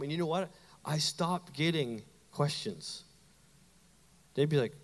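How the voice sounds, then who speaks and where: A middle-aged man, a pastor, giving a lively, conversational sermon with playful asides to his congregation. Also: on the high side, slow, long reverb tail. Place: church sanctuary.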